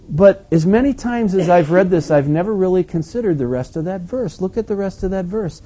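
A male pastor delivering an animated, emphatic sermon with conversational asides. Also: high-pitched, fairly quick, husky.

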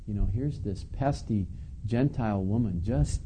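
A man's voice: on the low side, unhurried, warm tone, husky, poor audio. A man preaching a conversational sermon, reading scripture and adding casual asides to his listeners. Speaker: pastor. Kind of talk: sermon teaching.

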